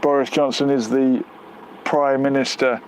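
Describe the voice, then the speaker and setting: Outdoors by a road, a British man runs a casual live stream, reading viewer comments and thinking aloud with many fillers. He speaks at an unhurried pace in a level, medium-pitched voice, and the rough recording has a slight hiss or hum.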